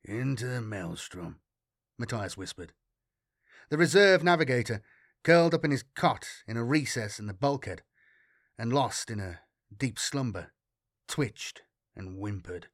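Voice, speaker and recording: A man reading a science fiction audiobook in a measured, dramatic way. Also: medium pitch, fairly bright tone, no room sound, clean studio sound. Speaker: audiobook narrator. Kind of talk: scripted narration of science fiction.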